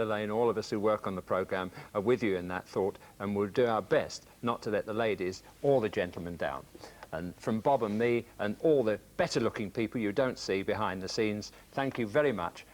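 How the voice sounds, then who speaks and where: A man presenting a televised football highlights show in a clear, measured, scripted style. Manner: clear, measured announcer delivery.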